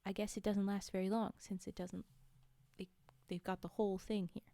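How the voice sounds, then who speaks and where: A woman reads a story on a casual livestream, breaking off for chatty, giggly asides to her viewers. Her voice is mellow and warm, and the sound is close and dry. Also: medium pitch, flat delivery, normal speed, dry recording. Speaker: streamer reading stories.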